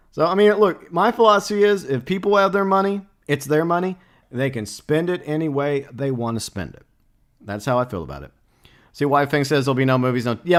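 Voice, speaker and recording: A man hosting a casual live stream, reading out viewer comments and rambling bluntly with lots of fillers and swearing. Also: mid-range voice. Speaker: livestream host.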